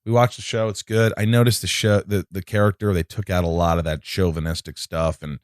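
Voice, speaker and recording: A man's voice: sits low, level tone, brisk, clean tone, no echo, clean studio sound. A man, an actor, telling a long story in casual chat, acting out quotes and swearing freely. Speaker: actor guest.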